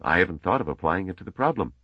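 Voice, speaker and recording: An unsure young male mathematician, put on by a man reading a storybook, polite and hesitant, pitched clearly above the reader's own very deep voice. The reading is lively in its ups and downs, slightly husky, and recorded dry and dull. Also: rapid-fire, no room sound, exaggerated voice. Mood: confused.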